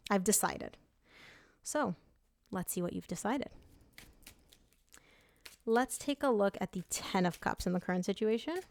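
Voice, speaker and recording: A woman reads tarot cards in a chatty, upbeat way, speaking straight to her viewers. Her voice sits at a middle pitch. It is close and dry, with no room echo. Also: expressive, unhurried, pauses often, a little mellow. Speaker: tarot reader. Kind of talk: tarot reading monologue.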